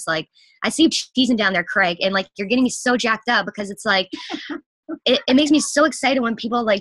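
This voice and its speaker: A young woman talks in a bright, forceful voice, gushing with excitement about her coaching team. She rushes through her sentences, breathless and full of fillers. The sound is dry and close. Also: medium pitch, no echo. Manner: gushing, rapid, breathless with enthusiasm. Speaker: fitness coach. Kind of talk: excited testimonial talk.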